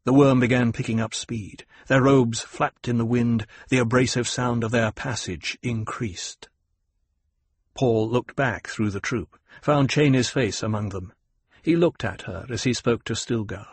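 Casting note: male audiobook narrator, husky tone, dry close recording. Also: mid-range voice, a little slow, no room sound. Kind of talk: scripted narration.

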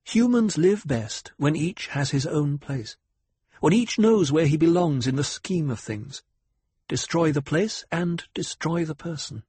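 A man voicing a cool, cutting noblewoman who lectures in a measured, calm way, with a breathy tone. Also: on the high side, no room sound, voice pushed up. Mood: cold, probing. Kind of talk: audiobook character voice.

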